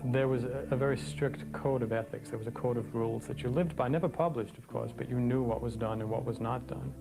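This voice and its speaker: A man's voice: mid-range voice, fairly even intonation, a little fast, vocal fry, rough recording. A man interviewed for a documentary, explaining historical background in a storytelling tone. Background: music bed.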